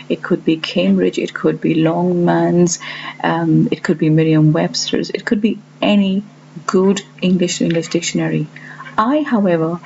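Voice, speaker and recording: Woman, teacher, slow deliberate delivery, lowish voice, dull lo-fi audio with faint hum. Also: vocal fry, darkish tone. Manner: slow and deliberate, stresses example words. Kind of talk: explaining to learners.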